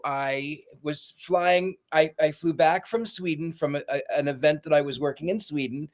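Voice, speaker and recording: Animated storyteller acting out voices. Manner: acts out quoted voices, jumping higher and louder. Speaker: podcast co-host. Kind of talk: animated anecdote telling.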